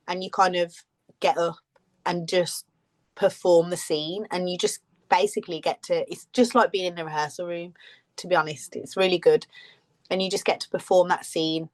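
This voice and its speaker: A woman's voice: fairly low pitch, steady tone, moderate pace. A woman co-hosting a podcast in casual chat, rambling and laughing often. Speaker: podcast co-host.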